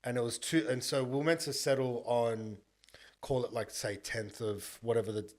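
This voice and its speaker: A man, a podcast guest telling a story in a blunt, animated way and acting out both sides of the conversations, with some swearing. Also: mid-range voice, moderate pace. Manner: blunt and profane. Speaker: podcast guest, buyers agent.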